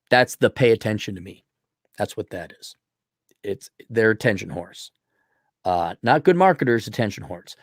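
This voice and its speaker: A middle-aged man hosting a livestream, reading viewer donations and ranting bluntly with profanity, frequent throat-clearing, and a voice that is giving out. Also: medium pitch, no room sound, studio quality. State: losing his voice. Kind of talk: blunt opinionated livestream rant.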